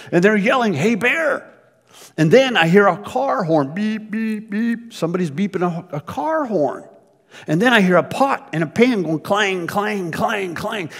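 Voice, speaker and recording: A man preaching a sermon as pastor, telling stories in an animated way with frequent repeated words. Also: a little high. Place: church. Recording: long reverb of a church hall.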